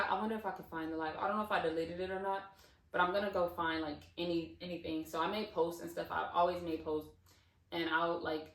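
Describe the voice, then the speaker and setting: A woman's voice: lowish voice, vocal fry, reverberant, recorded from a distance. A woman vlogger telling a casual storytime, rambling with many fillers and restarts.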